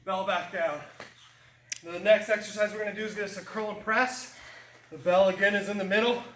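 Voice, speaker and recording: Male workout coach, high voice, encouraging step-by-step cues, recorded far from the mic in an echoey gym. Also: fairly even intonation, moderate pace, fairly bright tone, a little hiss or hum. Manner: encouraging, cueing moves step by step. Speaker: fitness coach. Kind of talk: workout instruction.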